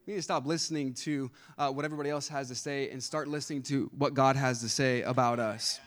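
A male pastor preaching a sermon, with a rhythmic, repetitive delivery that builds to loud, emphatic peaks. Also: medium pitch, steady tone, fast.

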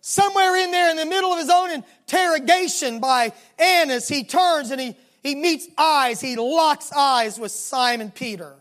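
A preacher with a Southern American accent delivering a sermon, telling the story dramatically and slowing down and dropping low for emphasis. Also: fairly bright tone. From Southern United States.

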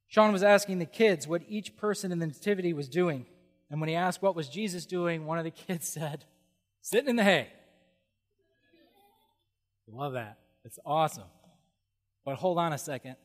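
A middle-aged male pastor gives a brisk, animated sermon full of humor, often exclaiming "whoa" in awe. His voice sits a little above typical male pitch and rings with the long reverb of a big hall.

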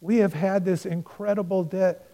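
A man's voice: high voice, fairly even intonation, normal speed. A male pastor preaching a sermon, telling a parable with acted-out dialogue and speaking earnestly and directly to the congregation. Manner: storytelling with acted-out dialogue, swinging between loud and hushed.

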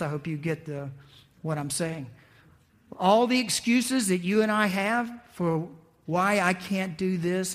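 High-voiced man preaching casually. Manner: conversational, animated, acts out quoted voices. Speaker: pastor. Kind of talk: sermon.

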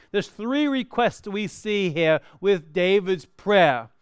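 High-voiced man preaching a sermon. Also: takes it slowly, hardly any pauses, smooth, dry recording, studio quality. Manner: earnest, shifts between lively emphasis and quiet reflection.

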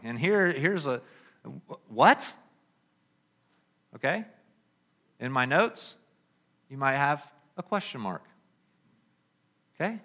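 A man preaching a sermon, reading scripture emphatically and then dropping into quiet, conversational asides. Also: medium pitch, animated, unhurried. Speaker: pastor.

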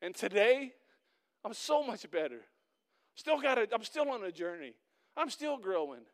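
A middle-aged man preaches a sermon as pastor, talking to his congregation in an earnest, conversational way. His voice sits high and stays smooth and resonant. He often builds to loud, emphatic peaks. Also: very animated, normal speed.

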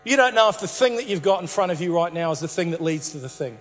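A man's voice: sits high, expressive, quick pace, long reverb tail. A man preaching a sermon as a pastor, telling a Bible story playfully and returning to the same catchphrases again and again.

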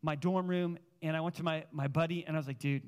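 A man preaching a sermon as a pastor, telling personal stories in an animated, casual way with plenty of filler words. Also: on the high side, quick pace.

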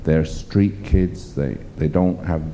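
A man's voice: deep voice, takes it slowly, dark tone, a little hiss or hum. A man preaching a sermon, emphatic and rambling as he tells stories. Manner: emphatic, rambling storytelling with fillers.

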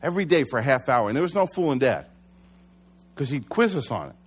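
A man's voice: mid-range voice, sing-song, fast talker, breathy edge. A young adult man preaching a sermon as pastor, earnest and conversational, sometimes correcting himself.

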